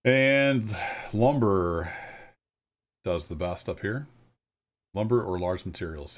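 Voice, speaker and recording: A man streaming a train game live, easygoing and self-deprecating, thinking out loud to his viewers as he plays. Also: deep voice, slow, long pauses. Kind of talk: casual live gameplay commentary.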